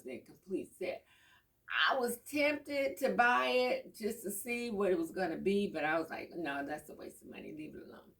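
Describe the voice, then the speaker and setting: Gravelly-voiced woman chatting from afar. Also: medium pitch. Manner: rambling, homey storytelling. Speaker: vlogger. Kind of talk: casual chat. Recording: voice a bit far from the mic.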